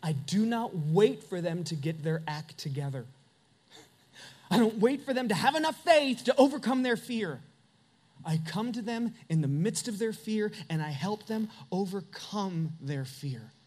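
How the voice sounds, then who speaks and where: A man's voice: high voice, expressive, measured pace, darkish tone. A middle-aged man preaching a sermon as pastor, earnest and confessional, building to emphatic peaks.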